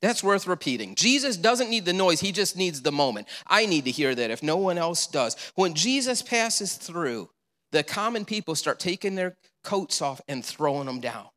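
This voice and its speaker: A male pastor preaching a sermon, animated and storytelling, with rhetorical questions and repeated answers. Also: a little high, moderate pace, big-room sound.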